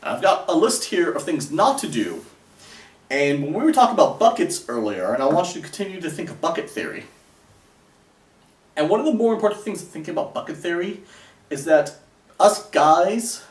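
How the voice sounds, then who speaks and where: A man giving casual dating advice in a sarcastic, rambling way, with many fillers. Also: a little high. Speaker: dating coach. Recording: echoey room, voice a bit far from the mic.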